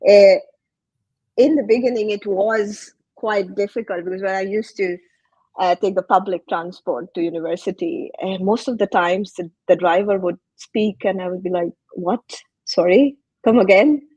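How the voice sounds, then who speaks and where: A woman from India speaks as a panelist and tells her stories in an animated way. Her voice is husky and sounds dry and close. She uses plenty of fillers as she talks. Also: medium pitch, normal speed, no echo, muffled recording. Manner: animated storytelling with many fillers. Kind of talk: panel Q&A answer.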